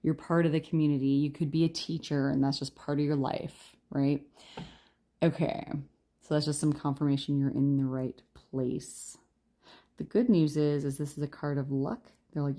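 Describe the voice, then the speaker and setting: A woman's voice: sits low, fairly even intonation, moderate pace, warm tone. A woman giving a chatty pick-a-card tarot reading, tired and yawning, joking at her own slips and laughing often. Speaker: tarot reader.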